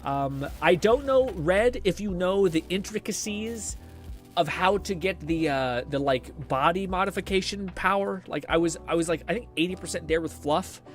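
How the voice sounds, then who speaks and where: Dude streaming games, kinda high voice, rambles and cusses a lot, laughs a bunch. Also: male voice, moderate pace, faint music behind. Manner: rambling, profane, laughs often. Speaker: livestream host. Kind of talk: casual gaming stream chat.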